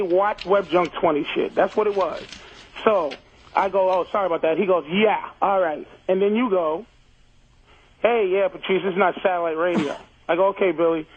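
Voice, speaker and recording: High-voiced man on a tinny phone line. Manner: defensive, blunt storytelling, profane. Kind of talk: heated on-air argument. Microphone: telephone.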